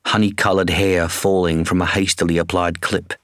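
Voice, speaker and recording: A man with a very low voice reads a first-person story in a measured, somber way. He is close to a studio mic. The sound is completely dry, with no room echo. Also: flat delivery, fairly bright tone. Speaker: audiobook narrator. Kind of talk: first-person scripted narration.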